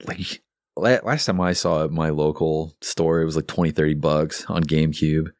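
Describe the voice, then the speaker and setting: A man as a guest on a games podcast, talking easily with pauses and fillers. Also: extremely low pitch, fairly even intonation, no room sound, clean studio sound. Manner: easygoing, listing things with pauses and fillers. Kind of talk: casual chat.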